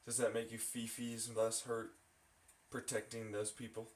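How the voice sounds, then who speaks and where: Speaking with a completely flat delivery at a measured pace, this vlogger mocks and swears sarcastically into the camera as he makes espresso. His voice is mid-range, and the recording picks him up at a distance in an echoey room.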